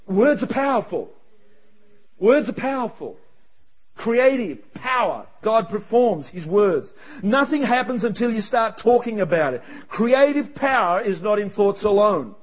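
A man preaching a sermon as pastor, animated, acting out quoted voices with quick asides. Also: high voice, breathy edge. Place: church service. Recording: dull lo-fi sound.

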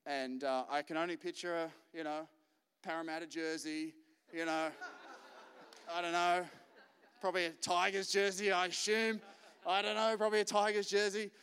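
A man preaching a lively, joking sermon full of anecdotes. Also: sits high, moderate pace. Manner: chatty, joking, acts out quotes. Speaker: pastor. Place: large church hall. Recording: live church recording with long reverb.

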